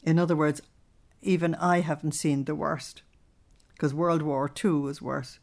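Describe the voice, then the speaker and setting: A woman's voice: sits low, steady tone, creaky, darkish tone. A woman leading a Bible study, reading a devotional text aloud and stopping to explain it earnestly. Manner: earnest, explanatory, pauses to comment between readings.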